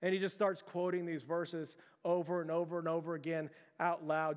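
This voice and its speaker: A man's voice: a little high, little pitch movement, normal speed, few pauses, smooth. A man preaching a sermon as pastor, earnest, often restarting his words and calling out to the church. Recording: long hall reverb.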